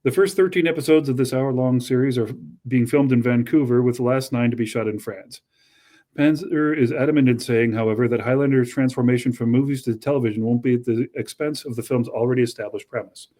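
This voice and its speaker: A man co-hosting a fan podcast, reading an article aloud at a steady pace and chatting casually in between. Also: mid-range voice, a little fast. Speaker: podcast co-host.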